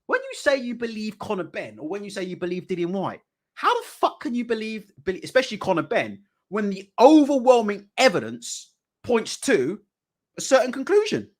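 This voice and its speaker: A man's voice: high voice, very animated, moderate pace. A British man hosting a boxing channel, ranting in live commentary with heated, profane rhetorical questions. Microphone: desk mic.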